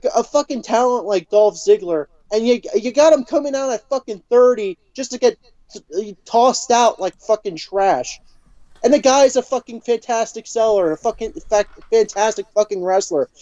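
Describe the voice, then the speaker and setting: A woman's voice: fairly high pitch, warm tone, no room sound. A woman co-hosting a podcast, delivering a furious, profanity-heavy rant full of stammered restarts. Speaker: podcast co-host. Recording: dull lo-fi podcast audio.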